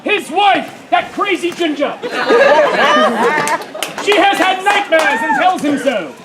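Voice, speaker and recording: A woman narrating a comic story at a live outdoor show, playful and animated, laughing often as she directs volunteers. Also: very high voice, slow. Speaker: comedic narrator leading audience volunteers. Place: outdoor fair stage. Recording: loud live crowd and noise outdoors.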